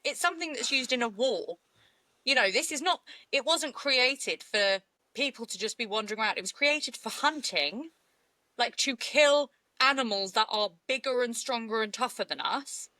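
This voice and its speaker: A woman co-hosting a true-crime chat, her bright, fairly high voice swinging up and down as she talks. She sounds animated and outraged, and her voice is close and dry. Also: normal speed, dry recording. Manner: animated, outraged, laughs often. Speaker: podcast co-host.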